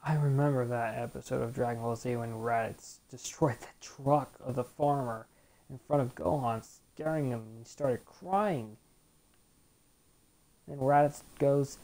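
A woman's voice: extremely low pitch, measured pace, warm tone. A woman hosting a let's play, giving chatty, rambling commentary and retelling scenes from the show. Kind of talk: casual gameplay commentary.

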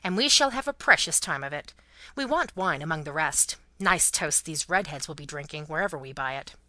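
A woman reading the part of a brisk, fiercely loyal Englishwoman companion who speaks emphatically and bossily. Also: low-pitched, lively intonation, sharp tone, no echo, voice pushed down. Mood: indignant. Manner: emphatic and bossy.

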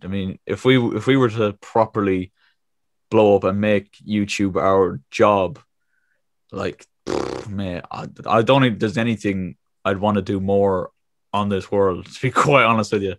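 A man's voice: lowish voice, a little slow, no echo. A 21-year-old man co-hosting a casual podcast, laid-back, swearing freely and laughing often. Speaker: podcast co-host.

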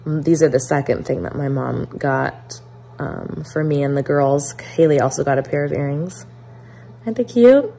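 Young woman vlogger, stuffy nose, low pitch, casual chatter. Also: normal speed, vocal fry, mellow, a little hiss or hum. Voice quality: nasal. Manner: chatty, gushing, talks in a sing-song voice to her dog. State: congested with a cold. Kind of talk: casual vlog chat.

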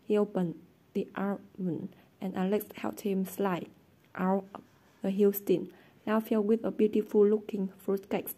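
Even-voiced woman reading a story. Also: medium pitch, a little slow. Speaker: audiobook narrator. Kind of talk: scripted narration.

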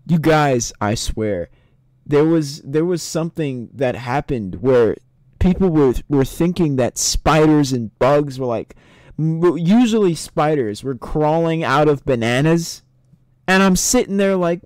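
A young man streaming a rhythm game, commenting excitedly, swearing often and laughing a lot, reading the game's dialogue aloud. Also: on the high side, measured pace, dry recording, studio quality. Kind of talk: gameplay commentary.

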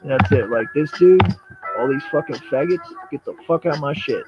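Man, angry livestream rant, cursing at his chat, dull lo-fi sound, loud music underneath. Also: a little high, fairly quick. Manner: profane, confrontational, addresses the audience directly.

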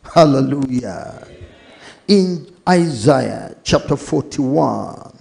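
A male pastor with a Nigerian English accent preaching a sermon, reading scripture slowly and emphatically and acting out Bible stories. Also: medium pitch, lively intonation, vocal fry, a little mellow.

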